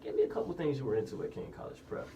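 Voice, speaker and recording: A young man hosting a casual community radio show, speaking upbeat and a little slowly. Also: medium pitch, very animated, vocal fry, highs cut off. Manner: upbeat, deliberately slow radio voice. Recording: distant mic, faint room noise.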